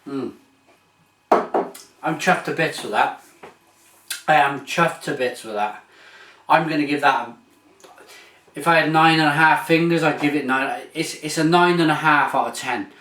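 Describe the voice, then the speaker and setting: A British man hosts a casual review vlog, his voice sitting fairly high. He talks eagerly but loosely, doubling back and repeating himself. The sound is roomy and echoey, with the mic set some way off. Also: unhurried, long pauses, sharp tone. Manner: enthusiastic, rambling, with frequent restarts and repeats. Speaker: beer reviewer, channel host. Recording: echoey room, mic at a distance.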